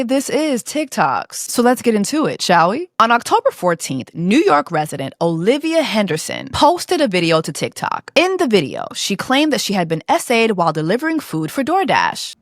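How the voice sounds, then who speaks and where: A woman's voice: mid-range voice, no room sound, clean studio sound. A woman hosting a playful, sassy commentary show about viral stories, sometimes slipping into a mock news-anchor voice. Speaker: host.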